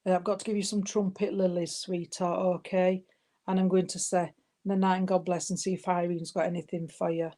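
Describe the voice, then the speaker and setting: A woman medium with a fairly low, level voice speaks a little fast while giving spirit messages at a spiritualist service, warmly calling people love and sweetheart.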